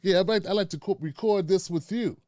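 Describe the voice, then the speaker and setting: Man, middle-aged, high voice, dry close sound, laid-back live-stream chatter. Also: brisk, a little mellow, dry recording. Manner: loose and chatty, talks to chat and producer, frequent "man" and "fam". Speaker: live-stream show host. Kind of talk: casual live-stream chat.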